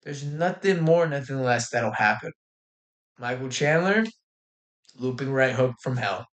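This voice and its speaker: A man's voice: mid-range voice, lively intonation, unhurried, a bit bright. A young man hosting a casual fight-night livestream, talking in brash, swearing, slangy trash talk. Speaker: livestream host.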